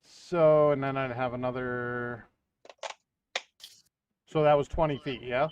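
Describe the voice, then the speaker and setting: A man's voice: medium pitch, fairly even intonation, slow, lo-fi sound, slight background noise. A man playing a tabletop game, unsure and mumbling as he works out his moves. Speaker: player.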